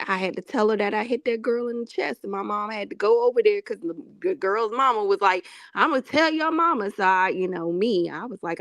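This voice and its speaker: A woman hosting a casual chat, telling a story with lively acted-out quotes and frequent laughter. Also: fairly high pitch, no room sound. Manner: animated storyteller, acts out quotes, laughs often. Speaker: host.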